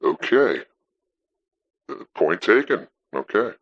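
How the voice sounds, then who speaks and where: A man's voice: low voice, sing-song, slow, husky, exaggerated voice. A man playing a skeptical radio caller who dismisses the farmer bluntly and swears casually. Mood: scoffing. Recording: dull, muffled audio.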